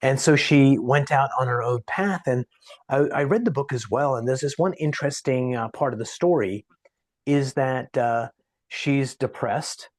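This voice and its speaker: A man who is a podcast guest, talking casually and telling an anecdote in a lively way, voicing the people in it. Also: medium pitch, normal speed, dry recording. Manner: animated anecdote-teller, acts out quotes. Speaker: podcast guest, sales coach. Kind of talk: casual storytelling in conversation.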